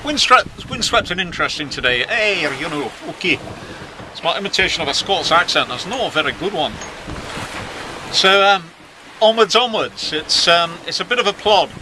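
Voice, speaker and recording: With long pauses between thoughts, a middle-aged man talks at a moderate pace in a high-pitched voice while vlogging aboard his sailing yacht at sea. He jokes at his own expense in a wry, chatty way as wind and waves sound on deck.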